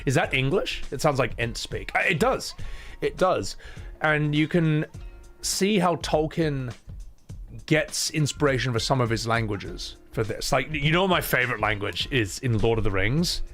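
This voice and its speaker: A male streamer riffing with his chat in a loose, joking way, cursing freely as he goes. His voice swings up and down a lot as he talks. Soft music runs faintly in the background. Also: mid-range voice, a little slow. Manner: animated, joking, swears freely. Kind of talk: casual chat with a live chat.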